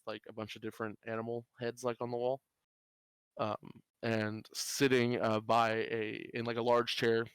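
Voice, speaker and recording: A man narrating a tabletop game as game master, in a halting style full of fillers. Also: medium pitch, smooth, no echo.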